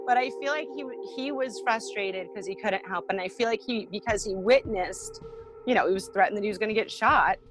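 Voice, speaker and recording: A woman's voice: medium pitch, low-quality recording. A woman being interviewed, recounting a personal ordeal in an earnest way, with frequent fillers. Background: music.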